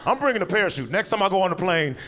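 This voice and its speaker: High-energy male stand-up comedian. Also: racing. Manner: high-energy, animated, jumps into character voices. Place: comedy stage before a live audience. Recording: live show with audience noise.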